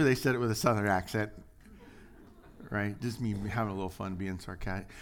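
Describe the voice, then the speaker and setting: A man preaching a sermon, reading scripture and acting out quotes, shifting between loud, raised lines and quiet asides. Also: fairly low pitch, lively intonation, brisk. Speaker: pastor.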